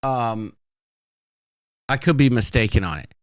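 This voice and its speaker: A man's voice: mid-range voice, a little slow, no echo. A man hosting a casual podcast, telling rambling stories with many fillers. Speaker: podcast host. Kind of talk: casual chat.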